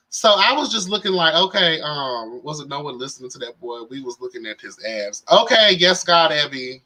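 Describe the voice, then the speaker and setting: A man's voice: on the high side, moderate pace, crowd noise, poor audio. A young man hosting a live reality show recap in casual, campy commentary, with sass, slang. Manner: sassy, campy, animated with slang and exclamations.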